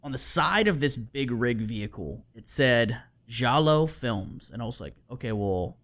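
A man hosting a podcast and telling a story in a loose, casual way. He laughs often, swears easily and leans on fillers. His voice sits at a middle pitch. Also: lively intonation, measured pace, pushed and bright.

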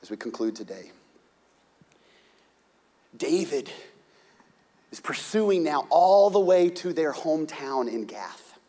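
A middle-aged man preaching a sermon as pastor, telling the story dramatically with shouts and hushed whispers. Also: a little high, big pitch swings, takes it slowly, pauses often, big-room sound.

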